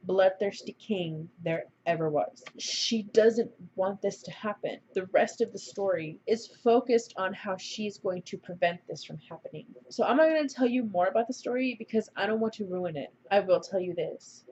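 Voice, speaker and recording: A young woman chats through a casual video review of a drama. She gushes and gets emotional, and her voice sits in a middling pitch. The recording sounds a little dull and lo-fi. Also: normal speed, hardly any pauses, darkish tone, a little hiss or hum. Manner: gushing, emotional, chatty.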